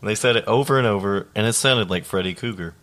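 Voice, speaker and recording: A young man co-hosting a podcast, reading listener stories aloud in a casual, deadpan way, swearing freely and laughing now and then. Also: on the low side, quick pace. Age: young adult.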